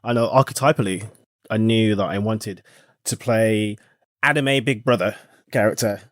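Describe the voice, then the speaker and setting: A man's voice: lowish voice, normal speed, no echo, clean studio sound. A man chatting on a podcast in an easygoing, laughing way. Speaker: podcast guest, player. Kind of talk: casual chat.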